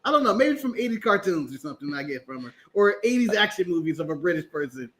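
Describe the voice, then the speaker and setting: High, bright-voiced American man chatting wrestling. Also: very animated, fast. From United States. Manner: laughs often, restarts with stammered repeats. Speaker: podcast co-host. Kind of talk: casual wrestling chat.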